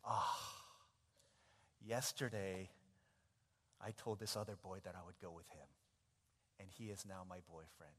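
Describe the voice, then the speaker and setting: A man voicing a sweet teenage girl in a sermon anecdote, speaking in a soft, hushed way. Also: low voice, fairly even intonation, a little slow, pauses often, long reverb tail, pitched below the performer's own voice. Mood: sheepish. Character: sweet teenage schoolgirl crush.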